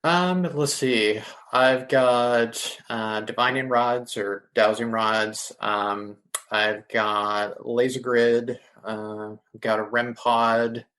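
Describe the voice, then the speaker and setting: A man's voice: medium pitch, fairly even intonation, slow pace, a bit bright. Man telling a story in a casual interview. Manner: vivid first-person storytelling, frequent "you know". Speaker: podcast guest, ghost tour guide.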